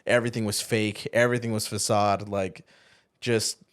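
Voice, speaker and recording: A man with a fairly low voice tells a personal story as a podcast guest and youth pastor. He talks in an animated way, slipping into the voices of the people he quotes, with plenty of "like" in between. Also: moderate pace, clean tone. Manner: animated, acts out quoted dialogue, heavy use of "like". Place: podcast studio.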